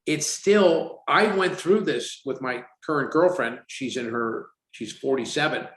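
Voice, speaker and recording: A man's voice: medium pitch, measured pace. A man in his sixties, a company CEO guest on a casual podcast, telling stories and acting out the voices of the people he quotes. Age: 60s. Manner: animated storyteller, acts out quotes. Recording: roomy echo.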